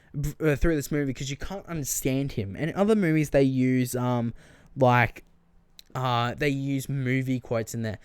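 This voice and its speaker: A man hosting a podcast, giving an animated, exasperated movie-review rant full of fillers and restarts. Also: medium pitch, clean tone, no room sound. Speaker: podcast host.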